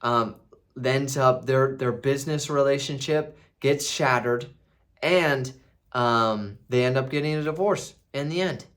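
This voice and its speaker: A man's voice: medium pitch, a little slow, fairly bright tone. A man casually recapping a film, rambling with restarts and fillers. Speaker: movie reviewer.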